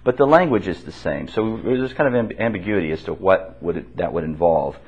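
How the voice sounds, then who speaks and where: Low-pitched, a little mellow and slightly rough, a man speaks fairly quickly with lively intonation while leading an interactive Bible class. He poses questions, echoes the group's answers, and restarts sentences conversationally. The classroom recording is dull and lo-fi.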